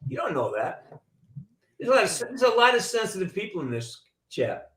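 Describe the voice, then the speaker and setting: Host guy, high bouncy voice, teasing and laughing at his guest, echoey room. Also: very animated, a little fast, fairly bright tone. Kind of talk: livestream chat.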